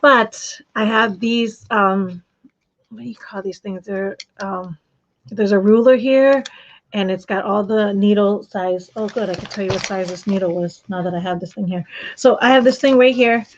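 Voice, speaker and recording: Woman chatting on a craft live stream, rambly and chatty, kinda muffled lo-fi sound, middle pitch. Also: normal speed, slight background noise. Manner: rambling, chatty, with frequent restarts and laughs. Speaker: knitting podcast host. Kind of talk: casual live stream chat.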